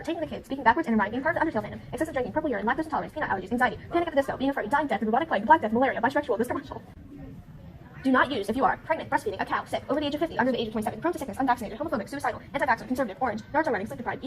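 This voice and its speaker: Breathless fast-reading woman. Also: high-pitched, low-quality recording. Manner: breathless, rushed list reading. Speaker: ad voice-over. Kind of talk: rapid-fire parody side-effects list.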